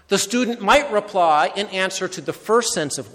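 A man preaching a sermon, with measured, emphatic phrasing and short repeated phrases. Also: sits high, a bit bright. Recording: long hall reverb.

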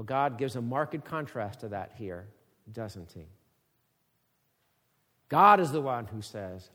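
A man preaching an expository sermon, reading scripture aloud and rising to a loud, emphatic voice on the quoted words. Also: mid-range voice, long reverb tail. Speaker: pastor.

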